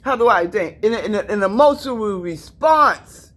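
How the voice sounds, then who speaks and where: A woman's voice: mid-range voice, lively intonation, moderate pace. A middle-aged woman vlogging from her apartment, giving an emphatic, preachy personal rant to her viewers and repeating herself for emphasis.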